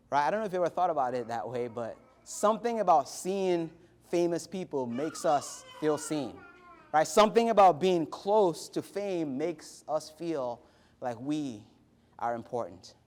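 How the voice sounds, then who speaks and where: A man hosting a late-night show, telling stories with animated delivery that drops to a soft, reflective tone. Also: fairly high pitch, unhurried. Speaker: host.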